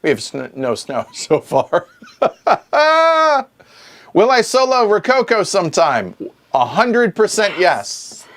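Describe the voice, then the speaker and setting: A man hosts a livestreamed Q&A at home, reading viewer questions aloud into a mic in front of the camera. His voice sits a little high and swings widely in pitch. He answers with quick, joking asides. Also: sing-song, a bit bright. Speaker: board game show host. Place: home streaming room.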